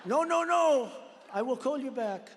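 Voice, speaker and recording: A man's voice: sits high, normal speed, slight background noise. A man at a rally putting on a mock French accent to play a polite, flustered French head of state. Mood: pleading. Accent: French, put on. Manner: mock-polite, pleading, exaggerated. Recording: long reverb of a large rally venue.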